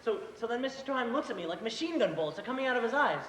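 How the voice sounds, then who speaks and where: Teen guy doing a fired-up older brother in a school play, high voice, fast talker, echoey auditorium. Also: heavily acted. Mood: indignant storytelling. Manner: animated storytelling, mimics his boss. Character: earnest eighteen-year-old older brother, hot-headed. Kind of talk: school stage play acting. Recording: echoey auditorium, faint hiss.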